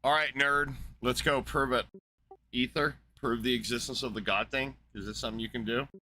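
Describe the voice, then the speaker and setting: A sharp, bright-toned man at mid pitch tears into what he is watching, swearing constantly and spitting contempt. He talks as a live-stream host, heated and mocking, building into a scornful rant. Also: fairly even intonation, normal speed, soft background music, poor audio. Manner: ranting, profane, scornful. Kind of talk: heated reaction commentary.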